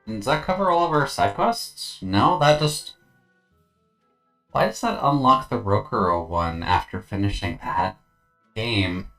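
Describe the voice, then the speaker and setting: Low, gravelly woman streamer. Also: animated, a little slow, fairly bright tone, soft background music. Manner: wry, musing, trailing off. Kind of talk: casual game commentary.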